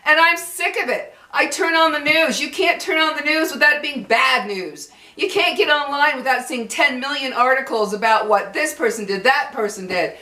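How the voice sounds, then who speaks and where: A woman's voice: sits high, normal speed, few pauses, pushed and bright, reverberant. An older woman with children and grandchildren, ranting angrily to her viewers, cursing and repeating herself for emphasis. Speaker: vlogger. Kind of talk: angry rant to camera.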